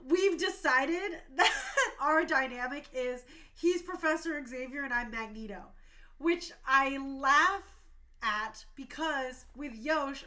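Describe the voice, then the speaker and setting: High bright-voiced woman, passionate and gushing. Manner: passionate, gushing, tearful at times. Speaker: talk show host. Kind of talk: emotional livestream talk.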